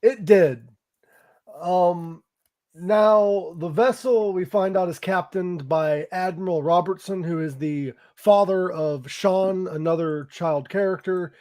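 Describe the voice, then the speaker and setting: Slow-paced, with a high-sitting yet darkish voice, a male podcast host loosely retells a movie. The summary is profane and relaxed, sprinkled with "um," "like," and laughs.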